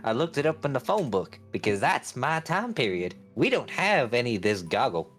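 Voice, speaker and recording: A swaggering cowboy gunslinger with a put-on drawl, played by a man. His pitch leaps and swoops all over as he brags, with faint music underneath. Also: big pitch swings, moderate pace, a bit bright. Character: brash cowboy gunslinger man, fastest draw.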